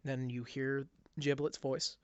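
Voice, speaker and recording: A man's voice: mid-range voice, flat delivery, takes it slowly, clear, resonant tone, no echo, muffled recording. Guy running a tabletop game, stop-start storytelling, dry close sound. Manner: storytelling with frequent restarts. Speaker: game master.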